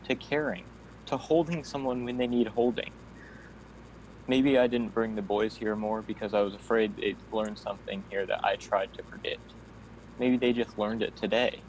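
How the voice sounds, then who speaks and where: An actor playing a grieving widowed father, a middle-aged man speaking quietly and plainly out of hurt. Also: fairly low pitch, slight background noise, low-quality recording. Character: grieving widowed father, worn-down and wounded son. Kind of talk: film drama acting.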